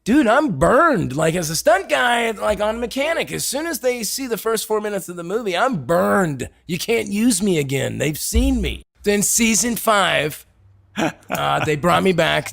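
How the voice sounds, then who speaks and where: A man with a gravelly, fry-laden voice sits for a casual podcast chat in a bar. He tells stories with a slightly raised pitch and gets loud when he acts out what others said. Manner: animated storyteller, acts out quotes loudly. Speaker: stuntman and actor, podcast guest. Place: bar in Hollywood.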